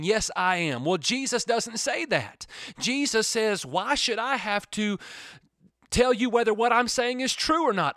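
A male pastor preaching a radio sermon, swinging from urgent pleading to hushed near-whispers. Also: high-pitched, dry recording, clean studio sound.

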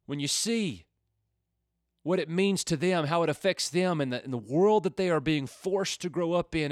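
A man's voice: a little high, moderate pace, no echo, studio quality. Earnest folksy male radio preacher. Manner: earnest, folksy, builds to fervent exclamations. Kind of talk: radio Bible teaching with prayer.

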